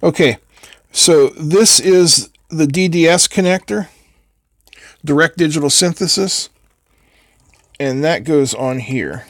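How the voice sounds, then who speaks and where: An older man talks in a slightly higher voice, with a loose, rambling, chatty manner. He answers viewers while he works through a soldering build. The sound is dry and close. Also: takes it slowly, long pauses, no echo. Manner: rambling, chatty, answers chat between steps. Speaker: host of an electronics build stream. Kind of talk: casual chat while soldering.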